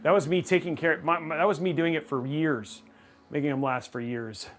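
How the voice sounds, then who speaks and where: A man hosting a live stream while building a gaming PC, chatting casually with viewers and breaking into loud mock-rage outbursts. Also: on the high side, normal speed. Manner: excitable, reads chat aloud, loud outbursts of mock rage. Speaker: livestream host building a gaming PC.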